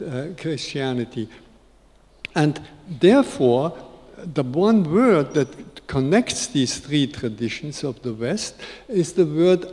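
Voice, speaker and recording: A man in his eighties gives an unhurried, reflective spiritual talk to an audience, repeating key phrases for emphasis. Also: a little high, warm tone. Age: 80s. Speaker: spiritual speaker. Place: large conference hall. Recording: long reverb of a big hall.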